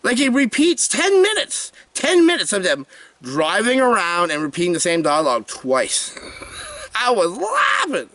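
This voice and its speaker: A man's voice: high voice, huge pitch swings, a little slow, sharp tone, no room sound, recorded from a distance. Theatrical, jokey male movie reviewer. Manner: theatrical, jokey, swinging between big cries and mutters. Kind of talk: comedic movie review vlog.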